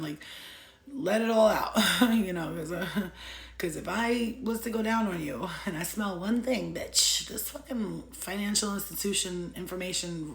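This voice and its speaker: Gravelly, blunt, profane woman. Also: lowish voice, echoey room. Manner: blunt and profane, tells animated stories. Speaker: astrology vlogger. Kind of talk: casual talk on astrology signs.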